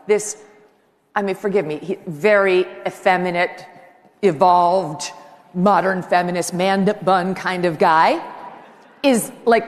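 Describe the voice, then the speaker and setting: A woman who hosts a talk show, giving a chatty, joking live speech on stage into a handheld microphone. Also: on the low side. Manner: chatty, joking, excitable, rambling asides. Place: large live event hall with an audience. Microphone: handheld microphone while walking. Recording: long reverb of a large hall.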